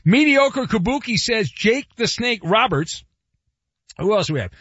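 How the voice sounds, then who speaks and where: A man's voice: high-pitched, very animated, unhurried, fairly bright tone, husky, no echo. A man hosting a sports radio show, bantering loosely and cracking jokes. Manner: wisecracking, loose, playful. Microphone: studio microphone. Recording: slightly dull broadcast audio.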